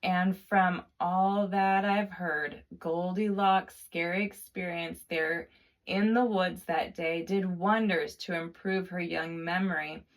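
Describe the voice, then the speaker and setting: A woman telling a children's storybook tale with expressive narration and dramatic, drawn-out repetitions. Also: fairly low pitch.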